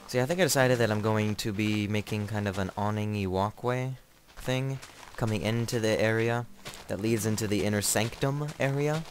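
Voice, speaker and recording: Young male gamer, slightly low voice, rambling joking commentary, startles easily. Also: normal speed, hardly any pauses, slight background noise. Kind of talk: casual let's play commentary.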